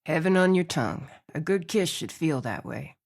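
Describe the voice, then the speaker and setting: A woman's voice: sits low, expressive, moderate pace, gravelly, a little mellow, voice pushed down, exaggerated voice. A woman narrator voicing a teasing, confident male rancher with a flirtatious manner in an audiobook.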